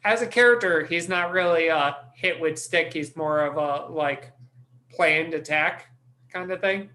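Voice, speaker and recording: High, bright male game master, blunt, curses freely. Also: a little slow. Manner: blunt, swears casually. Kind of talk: casual chat running a game session.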